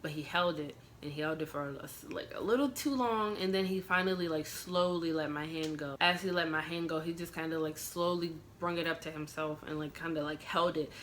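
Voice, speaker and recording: A woman's voice: sits low, steady tone, brisk, few pauses, a bit bright, slight background noise. A young woman vlogger telling a personal storytime in an emotional, casual way, full of "like" fillers. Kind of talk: storytime vlog.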